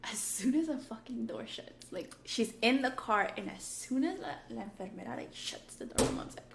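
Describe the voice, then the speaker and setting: A woman in her thirties co-hosting a podcast, telling stories in a relaxed way, mixing English and Spanish and saying "like" often. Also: on the high side, fairly quick, few pauses. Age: 30s. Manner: relaxed storytelling, mixes English and Spanish, peppered with "like". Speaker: podcast co-host. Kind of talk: candid casual chat. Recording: echoey room with faint background noise.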